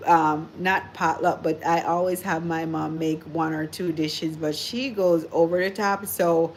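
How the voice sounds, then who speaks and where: A woman's voice: low-pitched, steady tone, unhurried, a little hiss or hum. A woman hosting a casual livestream, chatting in a rambling, easygoing way full of "like" and "you know". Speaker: livestream host.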